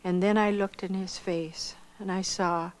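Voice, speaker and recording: An older woman from Iowa giving a missionary testimony, telling her story with lively acted-out dialogue. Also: medium pitch, measured pace, low-quality recording. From Iowa, United States. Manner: animated storyteller who acts out quoted dialogue.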